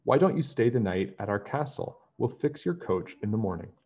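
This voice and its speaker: A man's voice: lowish voice, big pitch swings, normal speed, a little mellow, highs cut off. A man voicing an eager, fussy young prince in a storybook reading. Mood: earnest.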